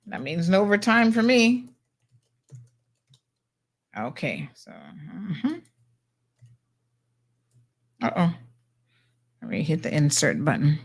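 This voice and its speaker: A woman's voice: fairly low pitch, sing-song, slow pace, long pauses, breathy edge. A middle-aged woman hosting a talk show, blunt and sassy as she reacts to viewer comments.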